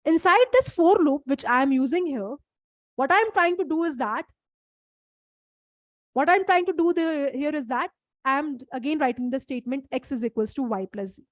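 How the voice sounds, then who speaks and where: With lively intonation and a normal speed, a high-pitched woman delivers a lecture as the instructor of a live online class. She lays out each idea in steps and repeatedly stops to see whether her students follow. Close, dry sound with no echo from the room.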